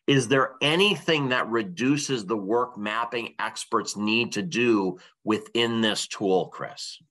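Bright-toned, low-pitched briefing co-host. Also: male voice, slow pace, poor audio. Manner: clear, organized, recapping dates and steps. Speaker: co-host and interviewer. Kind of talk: scripted informational briefing.

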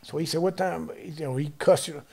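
A man telling a long story in casual chat, animated and profane, acting out what other people said. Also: on the high side, fast talker, crowd noise. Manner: animated, profane storytelling, acts out quoted dialogue. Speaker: guest storyteller.

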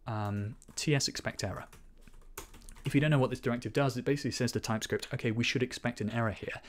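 A man's voice: mid-range voice, slight background noise. A man giving live-coding commentary, thinking aloud as he programs, reading code out and correcting himself as he goes. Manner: quick self-corrections and asides. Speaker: programming teacher.

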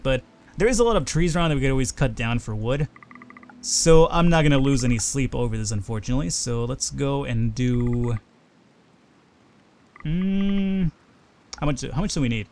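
A man hosting a let's play, talking through his choices in casual gameplay commentary and swearing freely when things go wrong. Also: medium pitch. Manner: thinks aloud, swears freely when frustrated.

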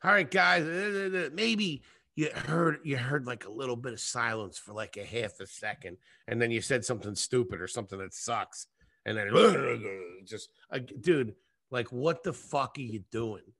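A man, a comedian guest, telling a rambling, profane story in a casual, animated way. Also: medium pitch, normal speed, gravelly, slightly rough, no echo, studio quality. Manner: profane, animated, acts out scenes.

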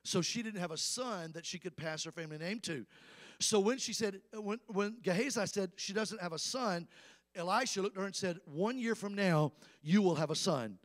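A man evangelist preaching a sermon in a church, leading rhythmic call-and-response refrains and shifting to calmer scripture storytelling. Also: high voice, moderate pace. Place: church sanctuary with a congregation.

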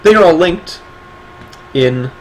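A man's voice: on the high side, expressive, slow, a little hiss or hum, poor audio. A man hosting a casual livestream awards segment, talking in a wry, sarcastic, rambling way. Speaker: stream host presenting community awards.

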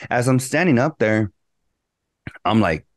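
A man's voice: medium pitch, animated, unhurried, dry recording, clean studio sound. A man co-hosting a podcast, telling a long profane story with lots of restarts and fillers. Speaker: podcast co-host. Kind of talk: casual chat.

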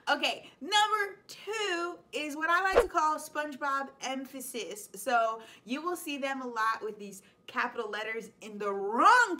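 A woman in her thirties hosts a casual explainer vlog as a high school teacher. Her voice is bright and sits a little high. She talks in a chatty, playful way and laughs easily.

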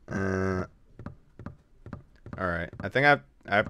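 A man's voice: low voice, bright, forceful tone, slight background noise. A man live-streaming a video game, chatting casually and trash-talking his chat with lots of swearing.

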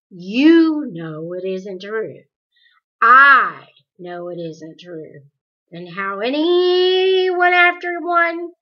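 Woman doing Calvin, a loud brash teenage boy. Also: a little high, full character voice. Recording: dull lo-fi recording.

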